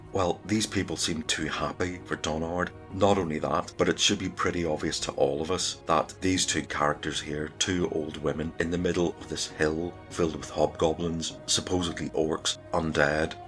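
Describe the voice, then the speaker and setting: A man narrates his solo tabletop game in a relaxed, chatty way. His voice is very low, and soft music plays faintly behind him. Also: moderate pace, few pauses. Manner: relaxed, conversational storytelling.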